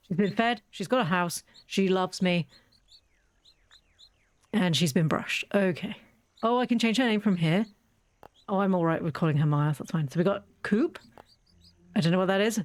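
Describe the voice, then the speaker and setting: A woman chatting through a game, wry and self-mocking, talking fondly to her in-game animals. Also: medium pitch. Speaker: gaming video creator. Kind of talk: casual let's-play commentary.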